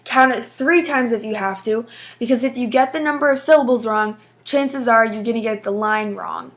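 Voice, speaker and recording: A woman's voice: a little high, moderate pace. A woman teaching a lesson, explaining patiently step by step with frequent fillers. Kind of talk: casual classroom explanation.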